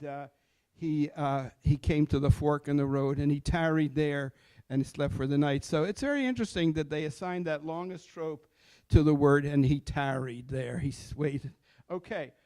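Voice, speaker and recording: A man's voice: a little high, a little mellow, smooth, no room sound. An older man, a cantor, giving an informal lecture to a study group, explaining patiently and asking his listeners questions before answering them himself. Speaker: cantor teaching Torah chant.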